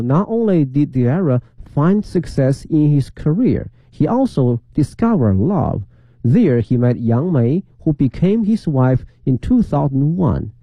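A man's voice: fairly high pitch, dark tone, slightly rough, no room sound, poor audio. A man presenting a radio program, reading a scripted feature story.

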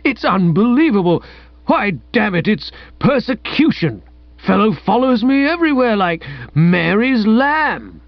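A man's voice: high voice, sing-song, measured pace, no room sound, voice pushed up, exaggerated voice. A pompous, querulous old magistrate, played by a male reader in a storybook reading, blustering in a raised, indignant voice. The recording is dull and dry. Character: fussy older man, pompous magistrate, indignant.

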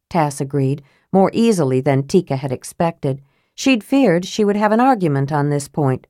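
A woman narrating an audiobook in a steady, even storytelling manner. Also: low-pitched, moderate pace, no echo, clean studio sound. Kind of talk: scripted narration.

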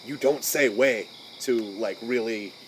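A man in mid-pitch range chats loosely on a podcast, cursing freely as he rambles. He often trails off and restarts while hunting for the right phrase, and a faint hiss sits under his voice. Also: measured pace, poor audio. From United States. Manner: rambling, profane, searching for words. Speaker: podcast co-host. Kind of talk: casual podcast chat.

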